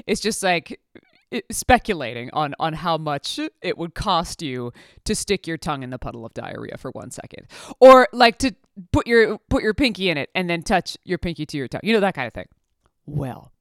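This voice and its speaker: A woman's voice: on the low side, fairly bright tone, clear, resonant tone, no room sound, clean studio sound. A woman telling a workplace story in a casual, rambling way, full of fillers and wry asides.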